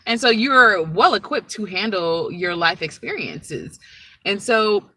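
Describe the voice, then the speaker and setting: A woman's voice: mid-range voice, expressive, slow, bright, forceful tone, a little hiss or hum, poor audio. A woman speaking as a spiritual teacher in a casual, rambling monologue, often checking in with "right?" and "like".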